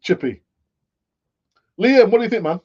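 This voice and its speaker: Man, late fifties, higher-pitched voice, rambling live-stream host, dull lo-fi sound. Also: lively intonation, normal speed, a little mellow, slightly rough. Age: late 50s. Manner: rambling, chatty, with frequent fillers and restarts. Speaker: football fan channel host. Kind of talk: live-stream chat commentary.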